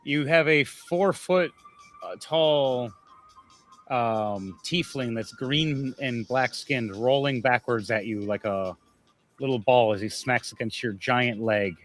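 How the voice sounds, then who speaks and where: A man's voice: medium pitch, slow, soft background music. A man running a tabletop game as game master, rambling and laughing, with many fillers.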